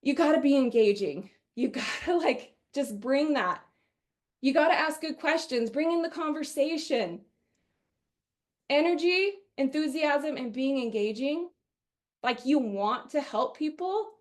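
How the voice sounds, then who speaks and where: High voiced middle aged woman from wisconsin running a sales webinar, bubbly and chatty. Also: measured pace. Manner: energetic, chatty, often acts out quoted customers. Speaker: sales trainer. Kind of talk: webinar training talk.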